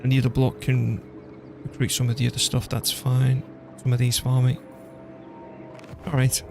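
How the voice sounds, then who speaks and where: A male game streamer of middling pitch, talking casually as he plays and thinking aloud about each move. He laughs easily, and soft music runs quietly behind him. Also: completely flat delivery, normal speed, creaky. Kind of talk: casual gameplay commentary.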